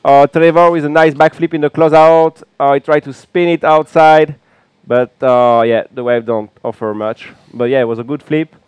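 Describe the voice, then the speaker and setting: A man with a French accent giving relaxed, chatty live commentary from a small booth at a beach event, with frequent fillers. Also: fairly high pitch, moderate pace, smooth, dry recording. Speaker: color commentator.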